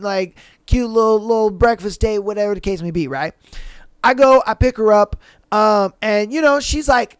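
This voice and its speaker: A podcast host with a high, smooth, clear voice spins a rambling personal story in loose, profane slang. He keeps slipping into the other people's voices as he goes. The sound is dry and close, with no room around him. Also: no room sound. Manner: profane, rambling anecdote with quoted dialogue. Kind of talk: casual storytelling.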